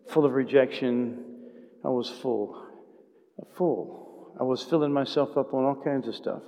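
A man's voice: medium pitch, a little slow. A married man preaching a sermon to his congregation, conversational at times and building to passionate exhortation. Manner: impassioned, building to loud exhortation; conversational, with repeated calls to the congregation. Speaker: pastor. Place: church sanctuary. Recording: long hall reverb.

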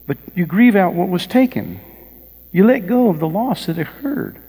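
Preaching to his congregation, this male pastor tells personal stories that build in emphasis and asks listeners questions. He speaks at a normal speed in a high, mellow, very animated voice, and a large hall's long reverb fills the recording.

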